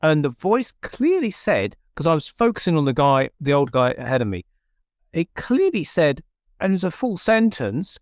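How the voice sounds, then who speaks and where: This middle-aged English-accented man hosts a podcast, chatting through his own story in a self-deprecating way and restarting often. His voice sits fairly high with a sing-song lilt at normal speed, captured in a clean studio with no echo.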